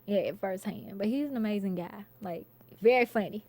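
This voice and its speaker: A woman, an actress, being interviewed and telling lively stories about her work, laughing often and acting out quotes. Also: mid-range voice, a little fast. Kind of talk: casual interview storytelling.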